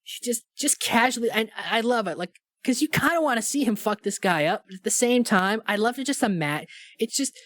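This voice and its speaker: A man's voice: high-pitched, lively intonation, a little fast, hardly any pauses, fairly bright tone, no room sound. A laid-back man co-hosting a movie podcast, retelling scenes with easy enthusiasm and casual swearing. His voice comes across close and dry, with no room sound. He keeps a loose, chatty rhythm full of fillers. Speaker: podcast co-host. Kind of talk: casual movie review chat.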